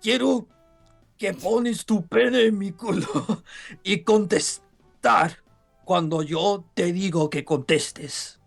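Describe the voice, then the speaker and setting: A man's voice: sits high, takes it slowly, creaky, pauses often, faint music behind, pitched above the performer's own voice, exaggerated voice. A man hamming up a bossy heroine. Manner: exaggerated mock-Spanish delivery. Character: bossy female heroine scolding her sidekick. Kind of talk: joking voice for a visual novel stream.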